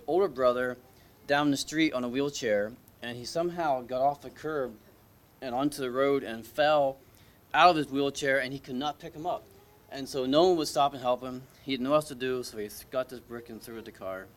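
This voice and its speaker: A man's voice: medium pitch, a little fast. A man preaching an informal sermon at a church service, talking in a conversational, hesitant way with many restarts and questions to the congregation.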